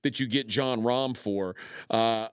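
A man's voice: medium pitch, fairly even intonation, slow, smooth, no echo, studio quality. A man co-hosting a sports betting show, running through scores and odds in casual chat with frequent filler words.

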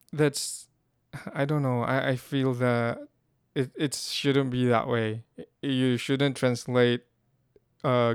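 A man giving a casual spoken language lesson, explaining things haltingly with frequent restarts and fillers. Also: mid-range voice, smooth, dry recording, studio quality. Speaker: language teacher.

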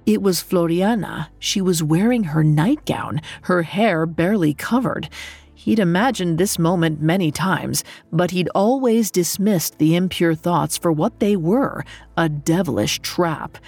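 A woman narrating a scripted story in a measured, dramatic way. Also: lowish voice, a little mellow, husky. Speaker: podcast narrator.

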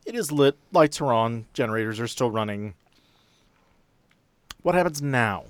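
A man narrating a tabletop role-playing scene as game master, in a measured, descriptive way. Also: mid-range voice, expressive, no room sound.

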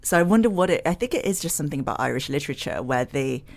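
A woman's voice: sits low, lively intonation, very fast. A woman hosting a podcast book club, chatty and confiding as she hands questions to her guests. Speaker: podcast host. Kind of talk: casual book club discussion.

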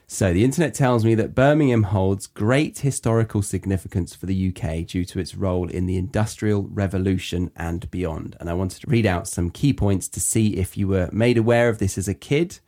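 Woman podcast host, low mellow voice, curious interviewer, casual. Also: normal speed, few pauses. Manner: curious, asks questions, reads notes aloud. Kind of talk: casual chat.

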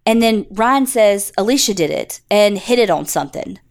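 A woman co-hosting a podcast, telling a story in loose conversational chat. She curses freely and slips into the voices of the people she quotes. Her pitch sits in an ordinary middle range. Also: animated, moderate pace. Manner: casual, swears freely, acts out quotes. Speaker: podcast co-host. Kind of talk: casual storytelling.

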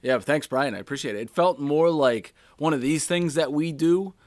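Male podcast host, playful, teasing, slightly higher voice, dry sound. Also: moderate pace, a little mellow, dry recording. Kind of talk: casual chat.

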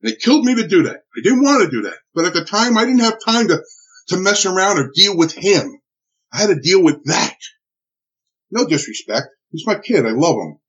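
Raspy-voiced man telling a tense story. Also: sits high, a little fast. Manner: animated storytelling with frequent restarts and acted-out quotes. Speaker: interviewee telling a personal story. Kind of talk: emotional spoken recollection. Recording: dull lo-fi recording.

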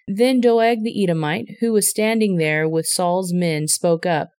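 A woman's voice: fairly low pitch, steady tone, measured pace, darkish tone, smooth, dry recording, studio quality. Woman reading scripture aloud. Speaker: scripture reader.

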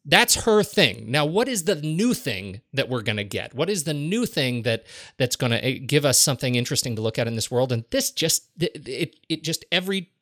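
A man's voice: mid-range voice, very animated, fairly quick, fairly bright tone, no echo, clean studio sound. A man in casual conversation about a film, chatty with many restarts. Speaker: film podcast host.

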